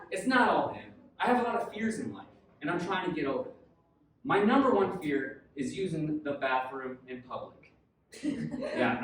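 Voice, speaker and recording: A man doing a stand-up comedy set, dry setups that build to shouted punchlines. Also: sits high, noisy background. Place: comedy club stage. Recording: echoey room from far off.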